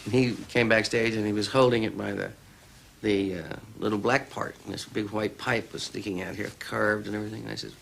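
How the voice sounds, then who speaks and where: A man's voice: fairly low pitch, flat delivery, brisk, gravelly, a bit bright, a little hiss or hum. A man telling a chuckling anecdote in an interview. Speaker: interviewee recalling a friend.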